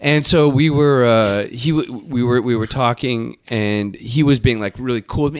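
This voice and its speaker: A middle-aged man telling stories on a podcast, rambling and acting out the people in them. His pitch swings widely, jumping to a squeak when he quotes someone. The sound is dry and close to the mic. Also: expressive, fast talker, smooth, dry recording. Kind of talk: casual banter.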